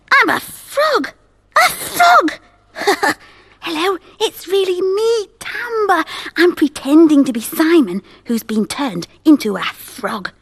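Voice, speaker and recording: A woman voicing a small, excitable puppet creature who pretends to be a frog in a children's TV story, bouncy and giggly. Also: very high voice, takes it slowly, exaggerated voice. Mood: excited. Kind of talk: children's TV role-play.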